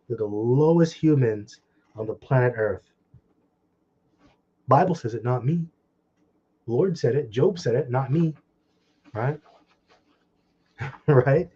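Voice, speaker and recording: An online preacher with a dark, mellow, mid-range voice that's slightly rough reads scripture slowly, then erupts into heated, scornful commentary packed with crude insults and short laughs. The recording is dull and lo-fi.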